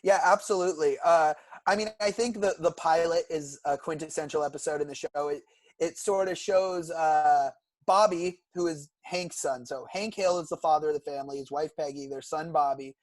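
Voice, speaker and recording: A man's voice: on the high side, moderate pace, no echo. A young man from California, co-hosting a podcast and eagerly retelling cartoon episodes in casual chat. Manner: enthusiastic, recounts plots at length. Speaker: podcast co-host.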